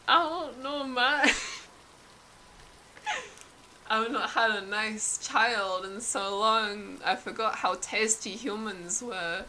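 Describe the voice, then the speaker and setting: A woman's voice: mid-range voice, slight background noise, rough recording. Woman doing a sly long-necked spirit creature. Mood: greedy. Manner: calm, then hurried and breathless.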